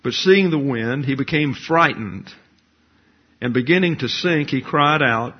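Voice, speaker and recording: With a husky, mid-pitched voice, an older pastor explains his points calmly in a teaching sermon. He asks rhetorical questions frequently. The audio is muffled and lo-fi.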